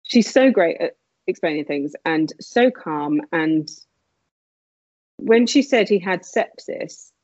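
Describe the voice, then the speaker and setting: Woman, lowish voice, candid emotional storytelling, muffled dry audio. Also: lively intonation, darkish tone, no room sound. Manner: emotional, candid, quick asides. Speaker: guest sharing her story. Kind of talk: personal storytelling in conversation.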